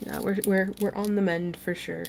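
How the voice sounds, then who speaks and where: A young woman talks her way through a craft project on a livestream, chatty and quick to laugh. Her voice sits at a middle pitch, and a faint room hum stays underneath. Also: level tone, gravelly, a little mellow. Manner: chatty, laughs often, reads viewer comments aloud. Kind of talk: casual craft tutorial livestream chat.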